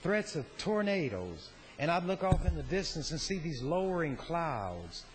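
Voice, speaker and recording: A man addressing a legislature with a measured, biting, sardonic delivery, his voice sitting a little high for a man. He sounds like he is standing in a legislative chamber, with a faint hiss over the recording. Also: big pitch swings, rough recording. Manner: deliberate, sardonic orator. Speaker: state senator. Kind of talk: legislative floor speech.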